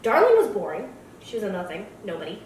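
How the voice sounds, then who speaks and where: On a movie review podcast, a woman co-host talks fast and bluntly, full of strong opinions and animated mock voices during the casual chat. Her voice is medium-pitched, with a little hiss or hum in the audio. The mic is distant and the room echoey.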